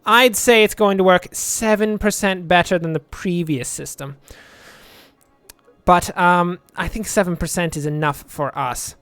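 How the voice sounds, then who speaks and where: High, smooth-voiced young man rambling. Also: measured pace, a bit bright, dry recording, faint music behind. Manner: rambling, joking, muttering asides to himself. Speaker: let's play host. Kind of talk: casual gameplay commentary.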